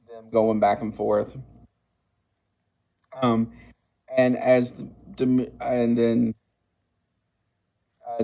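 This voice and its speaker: A man in his sixties casually recapping a movie plot, halting often with fillers and restarts. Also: medium pitch, mellow, low-quality recording. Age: 60s. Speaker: movie reviewer.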